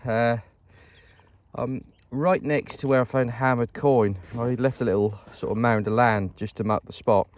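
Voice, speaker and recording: A man's voice: mid-range voice, steady tone, unhurried. A British man vlogging outdoors in a field as he goes metal detecting. He talks to his viewers in a chatty, upbeat way and calls them ladies and gents. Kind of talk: casual outdoor walk-and-talk vlog.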